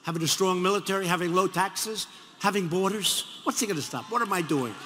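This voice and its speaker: A man's voice: high voice, brisk. A man in his seventies with a New York accent, giving a rambling campaign rally speech full of repetition and mocking asides in a large arena. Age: 70s. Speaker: politician. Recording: echoey arena, faint crowd noise.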